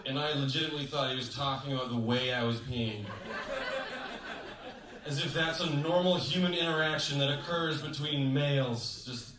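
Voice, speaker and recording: A man performing a stand-up comedy set on stage, telling stories deadpan with sudden high-pitched acted quotes. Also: normal speed, crowd noise. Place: comedy show in a hotel venue. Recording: roomy live room, mic at a distance. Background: audience laughter.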